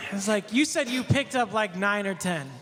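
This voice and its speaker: A male pastor telling a casual anecdote, animated, laughing often and acting out the quotes. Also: sits high, in a large hall, noisy background.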